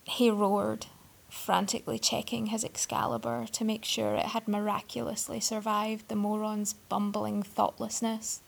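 A woman's voice: mid-range voice, completely flat delivery, normal speed, vocal fry, few pauses. A woman narrating a story aloud with a wry, sardonic delivery. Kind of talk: storybook reading.

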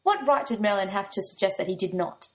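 A woman's voice: medium pitch, lively intonation, a little fast. A woman reading a story aloud, giving her own light touch to the young men's lines. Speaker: narrator.

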